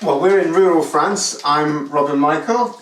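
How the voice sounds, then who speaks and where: A man's voice: on the high side, a little slow, fairly bright tone, slight background noise. Man speaking in an echoey room. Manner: friendly, leads the conversation with questions. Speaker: orchestral musician and course tutor. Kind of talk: casual online talk. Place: room in rural France. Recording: roomy, distant mic.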